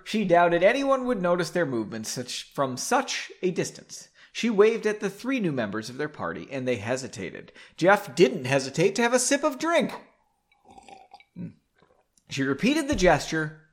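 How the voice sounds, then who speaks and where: Podcast guy reading a story and snarking at it, kinda high voice, super bouncy delivery. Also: sing-song, normal speed. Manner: sarcastic, mocking interruptions. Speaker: podcast host. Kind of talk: comic reading with asides.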